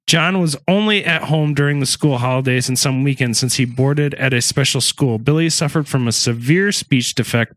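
A man's voice: mid-range voice, fairly bright tone, no room sound. A man casually retelling a haunting story on a podcast, cursing often, joking in asides and stumbling over words. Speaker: podcast host.

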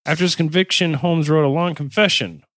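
A man's voice: a little high, fairly quick, fairly bright tone, dry recording. A man hosting a casual podcast, reading his notes aloud with jokes and self-corrections. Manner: joking, self-interrupting while reading. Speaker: podcast host.

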